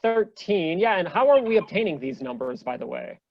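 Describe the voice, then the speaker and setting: A man's voice: high-pitched, sing-song, moderate pace, creaky, dry recording, highs cut off. A man giving an online lecture to a group, eager and full of ums and restarts as he explains. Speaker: presenter.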